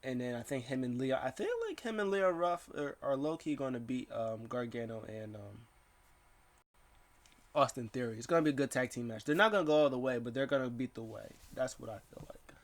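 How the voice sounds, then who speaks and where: A man giving a casual, rambling rundown of wrestling matches, excitable and quick to put on voices for the people he quotes. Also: mid-range voice. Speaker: wrestling recap vlogger.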